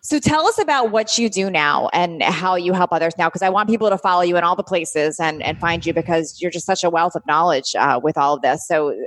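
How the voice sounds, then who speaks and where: A woman's voice: fairly low pitch, a little fast, few pauses. A woman hosting a podcast, talking with her guest in an encouraging, emphatic way. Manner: encouraging, emphatic, laughs easily. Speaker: podcast host. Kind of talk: casual interview chat.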